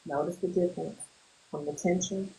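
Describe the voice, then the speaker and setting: A woman therapist leading a group through a guided muscle relaxation exercise, giving slow, calm instructions with pauses. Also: fairly low pitch, gravelly, slight background noise, poor audio.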